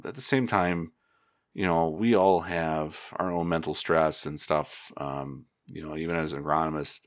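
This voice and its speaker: A man, an agronomist, giving casual advice in a relaxed, rambling way, with many fillers and restarts. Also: low-pitched, no room sound, clean studio sound.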